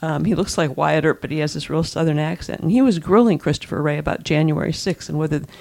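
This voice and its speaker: A woman's voice: sits low, fast talker, vocal fry, a little mellow. A woman co-hosting a political talk show, speaking emphatically in casual chat, repeating herself and restarting her sentences. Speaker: co-host and columnist.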